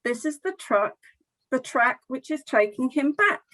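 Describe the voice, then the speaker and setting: A middle-aged woman leading a children's storytime over a video call, reading a picture book aloud in an animated, expressive, friendly way. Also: sits high, unhurried, rough recording. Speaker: storytime session leader.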